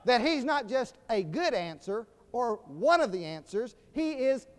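High-voiced Southern preacher in a reverberant hall. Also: male voice, sing-song, a little slow, clean tone. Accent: Southern US (Georgia). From Georgia, USA. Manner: folksy storytelling with humor, building to emphatic preaching. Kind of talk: sermon. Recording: long reverb of a large hall.

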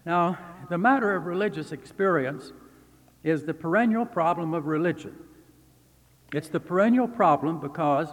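Older man lecturing in a reverberant hall. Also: on the high side. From Texas, USA. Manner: measured, deliberate, with pauses. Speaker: guest lecturer, seminary professor. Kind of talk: formal academic lecture. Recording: long reverb from a large hall.

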